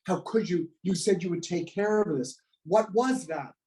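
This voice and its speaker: A man's voice: high voice, normal speed, mellow, husky, pitched above the performer's own voice. A man voicing an anguished old father with a Yiddish accent, praying for his sick son. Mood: indignant. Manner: pleading, then indignant.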